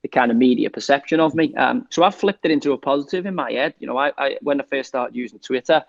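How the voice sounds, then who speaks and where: A man's voice: medium pitch, fast talker, gravelly, highs cut off. A man from England, a former footballer, talking as a guest in a casual interview, rambling with restarts and lots of "you know".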